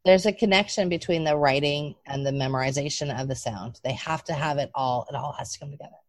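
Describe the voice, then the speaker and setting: A woman's voice: low-pitched, fast talker, dry recording. A woman in a casual interview, breaking in to explain and advise.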